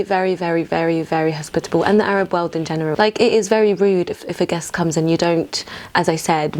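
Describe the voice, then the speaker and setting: Chatty young woman. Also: darkish tone. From Palestine. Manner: chatty, giggly, acts out relatives in high voices. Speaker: vegan cooking channel host. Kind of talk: casual cooking tutorial and storytelling.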